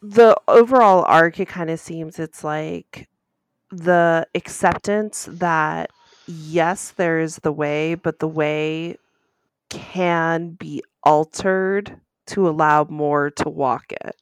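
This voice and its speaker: Podcast co-host, woman, lower voice, eager and effusive, dry studio mic. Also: fairly even intonation, takes it slowly, smooth, no room sound. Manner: enthusiastic, gushing fan. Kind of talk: casual chat.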